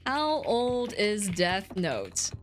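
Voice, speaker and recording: A woman's voice: medium pitch, wildly swooping pitch, drawn-out words, soft background music. A woman streamer chatting casually with her viewers, rambling and giggling as she answers chat.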